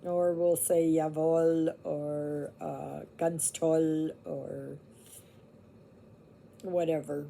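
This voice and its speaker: A woman from Canada, a home vlogger, chats to her viewers in a slow, rambling way. Her voice sits low and mellow with a gravelly edge. Faint household noise hangs in the background. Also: flat delivery. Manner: rambling, chatty, laughs easily. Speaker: cross-stitch vlogger. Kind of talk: casual chat to viewers.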